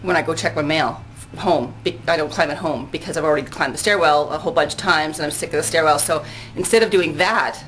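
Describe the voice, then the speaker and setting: An older woman with a somewhat low voice chats to her camera out on a balcony, a bit breathless after exercise. She rambles, restarts and laughs often in a casual vlog. A faint outdoor hum sits behind her. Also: quick pace, few pauses, a bit bright, poor audio. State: out of breath and sweaty after a workout. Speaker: vlogger.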